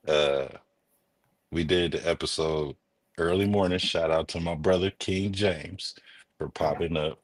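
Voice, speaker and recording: A man co-hosting a sports podcast, talking in a loose, slangy, excitable way and laughing often. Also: low voice, a little slow, dry recording. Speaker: podcast co-host. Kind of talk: casual sports chat.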